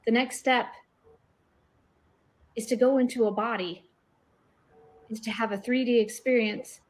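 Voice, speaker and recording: A woman's voice: a little high, steady tone, unhurried. A woman in a casual online discussion, earnestly explaining her ideas with rising emphasis. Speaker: guest researcher.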